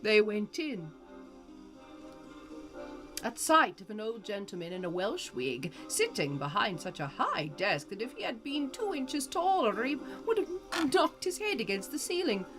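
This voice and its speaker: Woman reading a classic live, slow, lively rises and falls, faint music behind. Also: fairly high pitch. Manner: expressive, animated reading. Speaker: streamer.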